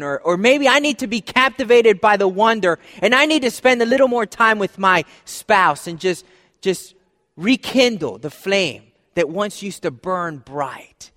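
A man's voice: sits high, animated, unhurried, a bit bright. A man preaching a sermon as pastor, earnest and repeating phrases for emphasis. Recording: long hall reverb.

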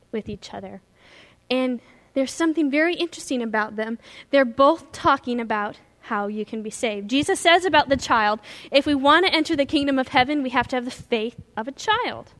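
A woman pastor preaching a sermon, retelling a story in a lively storytelling way. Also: high voice, normal speed. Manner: animated storytelling, acting out scenes.

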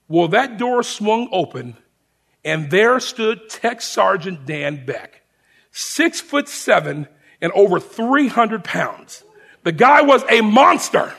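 A man's voice: sits high, measured pace, vocal fry, husky. A man preaching, telling a personal story to his congregation as a sermon. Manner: animated storyteller addressing a congregation.

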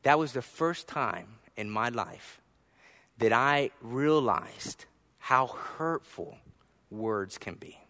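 A man preaching a sermon, telling a personal story, with soft asides and emphatic rises. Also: mid-range voice, expressive, takes it slowly, long reverb tail. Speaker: pastor.

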